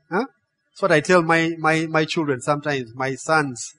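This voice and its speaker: A male pastor preaching an animated sermon. He keeps asking his listeners "huh?" and "yeah?" and tells stories with laughter. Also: on the high side, moderate pace. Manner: storytelling with laughs and playful acted quotes. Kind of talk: sermon with a personal story.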